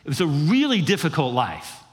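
A man preaches in an easy, conversational way, jumping up in pitch to act out quoted voices and dropping low for emphasis. His voice rings with a long hall reverb, as if in a church sanctuary. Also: moderate pace. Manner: animated, conversational, acts out quotes with pitch jumps. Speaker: pastor. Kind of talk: sermon.

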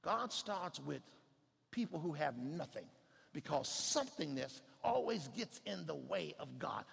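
A man preaching a sermon, swinging from shouted climaxes to hushed, low passages. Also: very animated, unhurried, creaky, husky, long reverb tail.

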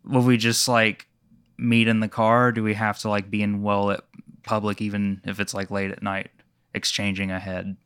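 A man's voice: on the low side, level tone, moderate pace, a bit bright, clean tone, no echo. A man playing along in a comic tabletop game, dry and matter-of-fact. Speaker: guest player. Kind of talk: casual comic role-play.

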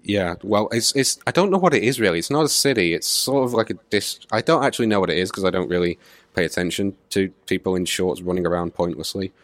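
A man's voice: sits low, fast talker, dry recording. A man, a podcast guest chatting casually with dry, sarcastic wit. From Manchester, England. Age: 20s. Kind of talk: casual interview chat.

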